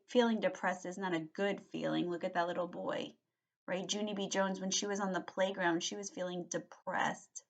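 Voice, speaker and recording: A woman teacher giving a read-aloud vocabulary lesson to young children, animated and patient, checking in with little questioning tags. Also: mid-range voice.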